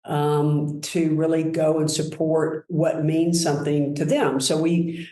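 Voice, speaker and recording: A woman guest telling enthusiastic, animated stories about her work in a relaxed conversation. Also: sits low, takes it slowly, echoey room, rough recording. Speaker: guest, brand executive. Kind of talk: conversational storytelling.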